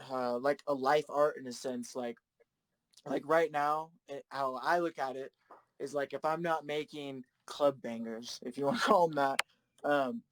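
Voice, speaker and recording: A man's voice: mid-range voice, dry recording. A man, a musician guest, talking in a laid-back, rambling way and laughing often. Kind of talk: casual chat.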